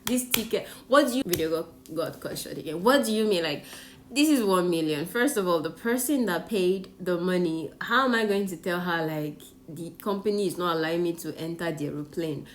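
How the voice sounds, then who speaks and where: Nigerian-accented woman vlogger, lower voice, animated and laughing, faint background noise. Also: normal speed. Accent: Nigerian English. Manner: animated, expressive storytelling with frequent laughter. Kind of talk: storytime vlog. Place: Japan.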